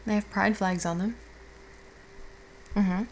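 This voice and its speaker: A woman playing a caring girlfriend who has just woken up, speaking softly and reassuringly with casual swearing in an audio role-play. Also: mid-range voice, fairly even intonation, takes it slowly, slight background noise, rough recording. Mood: tender. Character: affectionate young woman, the listener's caring girlfriend.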